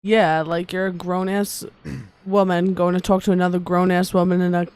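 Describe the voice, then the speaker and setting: A man's voice: high voice, flat delivery, normal speed, a little mellow, clear, resonant tone, no room sound. A man co-hosting a podcast in a laid-back way, mostly agreeing in short replies. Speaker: podcast co-host. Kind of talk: casual podcast chat.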